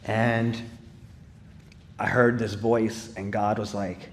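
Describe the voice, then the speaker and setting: A man's voice: lowish voice, little pitch movement, slow, a little hiss or hum. Earnest man sharing a church testimony. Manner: earnest, conversational storytelling with casual fillers. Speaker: speaker sharing a personal testimony.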